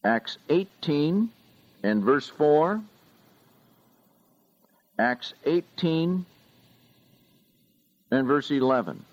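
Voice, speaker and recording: A man preaching a sermon, reading scripture aloud slowly and with deliberate emphasis. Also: on the high side, expressive, no echo, dull audio.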